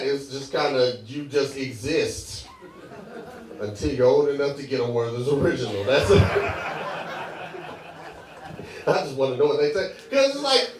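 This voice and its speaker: A young man from Michigan performing a stand-up comedy set in a club, animated and laughing through his jokes. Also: a little high. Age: young adult. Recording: echoey room, far mic, loud crowd.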